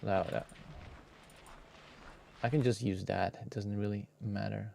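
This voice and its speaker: A man's voice: fairly low pitch, fairly even intonation, measured pace, gravelly, darkish tone, a little hiss or hum. A man casually chatting with his live viewers while he edits a video, muttering to himself and now and then dropping into a whisper. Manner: laid-back, swears casually. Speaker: streamer editing a video live. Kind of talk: casual live-stream chat.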